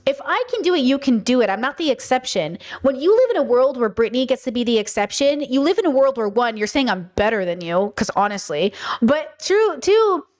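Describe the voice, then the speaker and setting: A woman hosting a podcast in a casual monologue, animated and blunt, swearing freely and often restarting her sentences. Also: sits high, fairly quick, few pauses. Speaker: podcast host.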